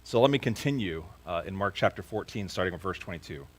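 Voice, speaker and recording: A man's voice: low voice, expressive, fast talker, poor audio. A man preaching a sermon at a church service, earnest and questioning his listeners directly, becoming emphatic to stress a point. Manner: grows emphatic and louder when stressing a point. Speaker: pastor.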